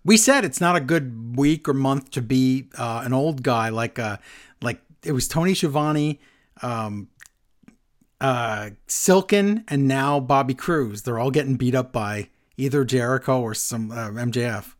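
This wrestling podcast co-host has a mid-range, animated voice and speaks a little slowly. He keeps things casual, chatting and reading emails from listeners aloud.

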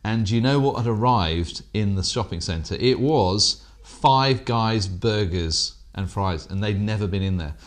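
A very deep-voiced British man co-hosting a casual business podcast. He talks with dry, self-deprecating humour, easing between banter and explanation. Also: measured pace, few pauses. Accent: British English. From England. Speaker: podcast co-host.

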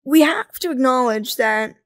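Casting note: young woman, podcast guest, candid and jokey, higher voice, dry close mic. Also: normal speed, dry recording. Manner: candid, jokey, animated storytelling. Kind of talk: casual interview chat.

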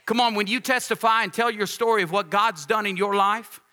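A pastor delivering a folksy sermon, rising to emphatic calls to the congregation. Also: male voice, sits high, steady tone, a little fast, bright, forceful tone.

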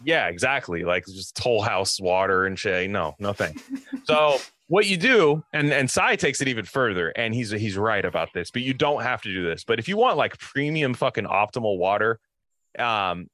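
A young man co-hosting a podcast, chatting casually in a loose, profane, animated way. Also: lowish voice, normal speed. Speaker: podcast co-host. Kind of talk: casual chat.

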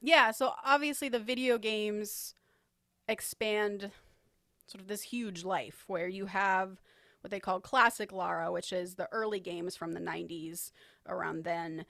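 A woman talks casually as a podcast co-host, chatty and quick to laugh. Her voice sits in a middle pitch. The sound is close and dry, with no room echo. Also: steady tone, creaky, a bit bright.

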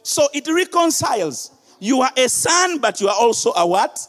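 A middle-aged male pastor preaching an impassioned sermon, shouting some lines and dropping low and quiet on others. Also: sing-song, moderate pace, in a large hall.

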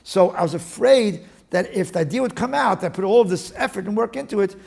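A man interviewed as a guest, explaining his work in an animated, digressive way with many restarts. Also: sits high, fast talker, gravelly, slightly rough. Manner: animated, digressive, with frequent restarts and Talmudic terms. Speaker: guest, attorney and index author. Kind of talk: casual interview talk.

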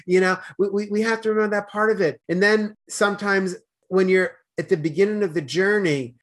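A man with a Boston accent talking fast as a podcast guest, with stammered restarts and slurred words. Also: high voice, fairly even intonation. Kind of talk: casual conversation.

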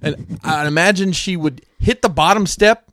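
A man's voice: sits high, moderate pace, fairly bright tone, dry recording, clean studio sound. A man co-hosting a podcast, telling a light anecdote in an easygoing, chuckling way. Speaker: podcast co-host. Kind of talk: casual podcast chat.

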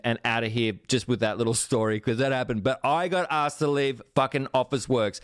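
A man telling a funny story on his podcast, animated and sweary, laughing at himself. His voice sits at an everyday middle pitch. The recording is close and dry, with no room around it. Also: dry recording. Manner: animated, sweary, self-mocking. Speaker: podcast host. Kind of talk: casual storytelling.

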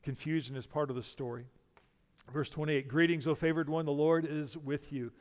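A man's voice: on the high side, steady tone, normal speed, a little mellow, in a large hall. A man preaching a sermon to a congregation, emphatic and full of rhetorical questions. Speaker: pastor.

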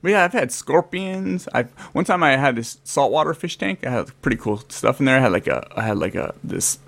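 Casual male talker, thirties, Californian, animated storyteller who acts out his own quotes. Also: medium pitch, fairly quick, gravelly, dry recording. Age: 30s. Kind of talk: casual chat.

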